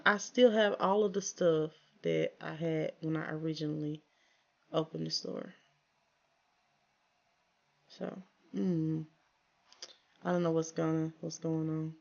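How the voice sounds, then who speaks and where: Chatty gamer woman, gravelly voice. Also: fairly low pitch, muffled recording. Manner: chatty, talks to viewers and her game characters, exasperated asides. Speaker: gaming channel host. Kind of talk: casual let's-play commentary.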